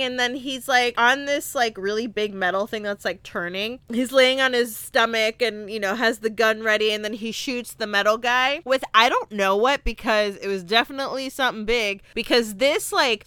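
Bright, chatty young woman podcaster. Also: on the high side, clean tone, no echo. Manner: chatty and expressive, many filler likes. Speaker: podcast host. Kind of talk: casual movie recap.

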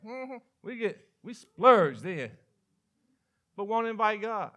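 A Southern man preaches from the pulpit in a high, forceful, bright voice. He teases his listeners with mock questions and quick asides, swinging between loud preaching and quiet confiding lines. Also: sing-song. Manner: preaching with call-and-response asides and playful mock dialogue. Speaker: pastor. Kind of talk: sermon.

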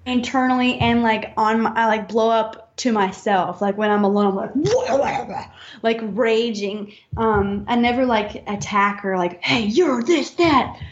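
A woman's voice: a little high, fairly even intonation, measured pace, muffled recording. A woman in casual chat as a guest, giggly and rambling as she opens up about her feelings.

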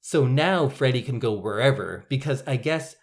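Brief: wry podcast co-host, casual movie chat, pitch swings widely. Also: lively intonation, moderate pace.

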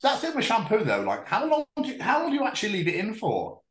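A man's voice: sits high, huge pitch swings, fast. A man hosting a podcast in casual chat, rambling, swearing and joking. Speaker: podcast host. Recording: roomy echo.

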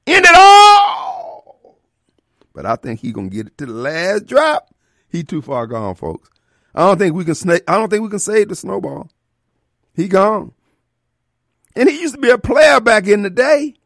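A man hosting a radio show, telling a comic story with an animated, exaggerated delivery and sudden outbursts. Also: sits high, moderate pace, gravelly, no room sound, studio quality. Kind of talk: comedic storytelling.

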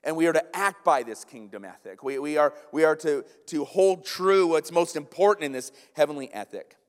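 High-voiced American preacher in a reverberant hall. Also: male voice, moderate pace. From United States. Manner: lively, conversational preaching with frequent "right?" asides. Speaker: pastor. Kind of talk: sermon. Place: church sanctuary. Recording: long hall reverb in a sanctuary.

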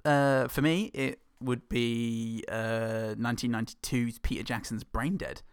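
A man's voice: medium pitch, steady tone, a little slow, noisy background. A man co-hosting a casual film review podcast, enthusiastically recounting scenes and acting out lines. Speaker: podcast co-host.

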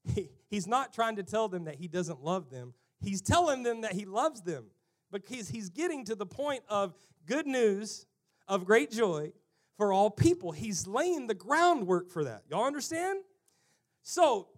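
A male pastor preaching a sermon, swinging from loud emphatic calls to hushed, almost whispered lines and acting out characters in mocking voices. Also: high-pitched, big pitch swings, measured pace.

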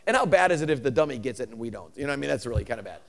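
A man preaching a sermon with swings from shouting to hushed asides and laughs between points. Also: mid-range voice, lively intonation, rapid-fire, vocal fry.

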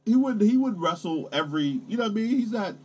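Man, casual chat, excitable, swearing, high-ish voice, lively swoops. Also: fast talker, slightly rough. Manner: excitable, swearing, voice jumping high when hyped.

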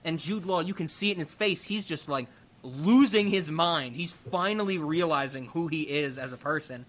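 Podcast host, male, chatty film recapper who acts out the lines; bright, pushy voice. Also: a little high, normal speed. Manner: animated, acts out characters' lines. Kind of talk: casual film recap chat.

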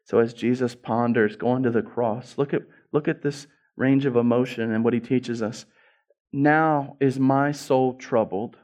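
A male pastor preaching a sermon, swinging from hushed lines to loud, rising ones and repeating key phrases for emphasis. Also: mid-range voice, steady tone, normal speed, hardly any pauses.

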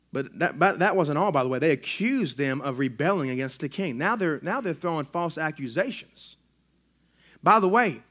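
A man, a pastor preaching a sermon in a church in an excitable, conversational way with frequent restarts. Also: fairly high pitch. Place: church sanctuary.

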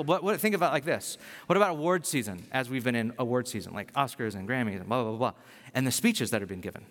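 A man preaching a sermon as a pastor, in a conversational, self-deprecating way with animated storytelling. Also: a little high, long reverb tail.

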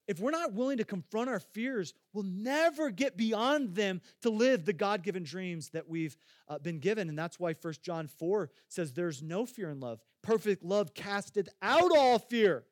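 A man's voice: high voice, lively intonation, moderate pace, few pauses, no room sound, clean studio sound. A man preaching a sermon as a pastor, talking conversationally, putting questions straight to his listeners and repeating phrases for emphasis.

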